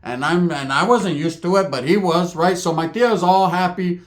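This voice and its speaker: A man telling a profane comedic story, slipping into high squeaky character voices. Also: background noise. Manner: rapid slangy delivery, jumps into high squeaky character voices.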